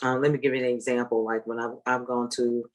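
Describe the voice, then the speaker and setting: A woman who works as a parent advocate, talking in a measured way with many fillers. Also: very deep voice, little pitch movement, rough recording. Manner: measured, full of "um" and "you know". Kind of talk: casual chat.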